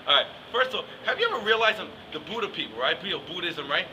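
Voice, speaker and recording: A man's voice: high voice, big pitch swings, fast talker, background noise. A young man, rambling through a casual comic rant with many "like"s and "I mean"s. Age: young adult. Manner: rambling, joking, full of "like" and "I mean". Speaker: yeshiva student comic.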